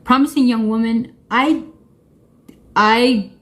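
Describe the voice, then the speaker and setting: A woman talks straight to camera in a casual vlog chat. Her delivery is chatty and slangy, full of quick restarts and filler words. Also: a little high, fairly bright tone. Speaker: vlogger.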